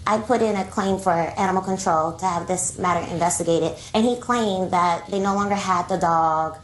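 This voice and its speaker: A woman plaintiff testifying in a courtroom, retelling events in a rushed run of clauses full of "like". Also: fairly low pitch. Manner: rushed, breathless retelling with many "like"s. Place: television courtroom. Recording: echoey courtroom with faint noise.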